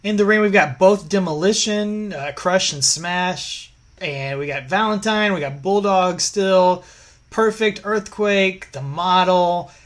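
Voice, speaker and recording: A man's voice: sits high, slow, fairly bright tone. A man co-hosting a podcast in casual chat, laid-back and chuckling often as he runs through details of what is on screen. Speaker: podcast co-host. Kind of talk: casual watch-along chat.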